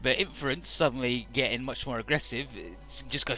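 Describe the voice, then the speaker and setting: A man's voice: medium pitch, brisk, hardly any pauses, pushed and bright. A man casually recapping a video game story for his let's play, chatty and full of "uh" and "he's like".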